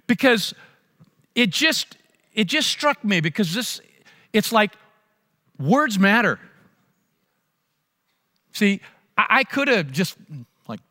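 A man preaching a sermon as a pastor, telling stories with animated delivery and acting out voices. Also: high-pitched, a little slow, pauses often. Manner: animated storytelling, acts out voices. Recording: long reverb of a large hall.

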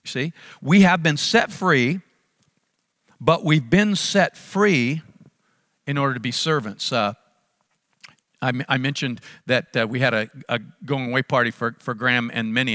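A man's voice: mid-range voice, normal speed, sharp tone, no echo, studio quality. A middle-aged man preaching a sermon as pastor, emphatic and repeating key phrases for stress.

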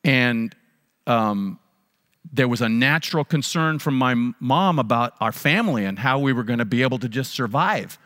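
A man's voice: medium pitch, lively intonation, moderate pace, fairly bright tone. A man, a pastor, preaching a sermon and telling a personal story earnestly, repeating phrases for emphasis. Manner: earnest, repetitive emphasis, frequent restarts. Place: church sanctuary. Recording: long reverb of a large hall.

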